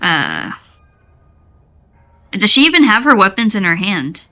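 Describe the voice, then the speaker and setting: A woman playing in a tabletop game, describing her character in an unhurried, rambling way. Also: mid-range voice, sing-song, sharp tone. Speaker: player. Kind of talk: casual tabletop play.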